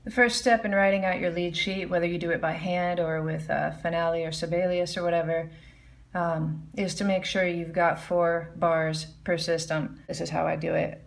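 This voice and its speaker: A woman's voice: lowish voice, level tone, moderate pace, vocal fry. A woman teaching a casual music lesson at the piano, explaining notation and singing melody lines on "da". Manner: hums and scats melody lines while explaining.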